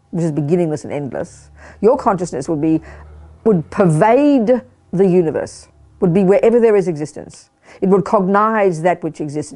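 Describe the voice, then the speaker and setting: A woman's voice: lowish voice, mellow. An older woman giving a Buddhist teaching to a live group, emphatic and repeating words for stress, often checking that listeners follow. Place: meditation hall of a study group.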